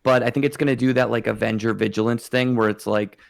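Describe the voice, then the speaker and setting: A man's voice: mid-range voice, steady tone, fast talker, creaky, no room sound. A man co-hosting a podcast, chatting casually and rambling with lots of fillers. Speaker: podcast co-host. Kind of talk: casual chat.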